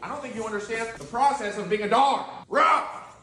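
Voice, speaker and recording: A man's voice: sits high, quick pace, roomy sound. A man joking playfully in a comedy video, teasing and calling out. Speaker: comedy creator. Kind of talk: joking vlog commentary.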